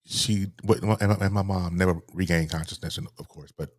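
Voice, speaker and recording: A man, a guest telling a painful personal story in a halting way, repeating words, his voice sinking low and soft. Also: steady tone, no room sound, studio quality. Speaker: interview guest.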